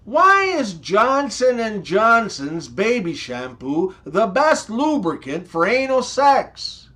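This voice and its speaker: A man hosting a comedy channel, telling scripted jokes and one-liners in deliberate setups with pauses before each punchline. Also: sits high, wildly swooping pitch, sharp tone.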